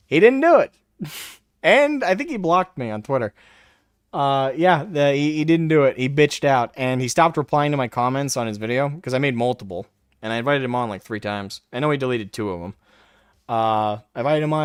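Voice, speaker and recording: A man's voice: mid-range voice, normal speed, long pauses, clear, resonant tone, dry recording, clean studio sound. A man hosting a live stream, talking in a brash, mocking way and taunting people in a raised voice. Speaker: livestream host. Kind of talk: casual livestream commentary.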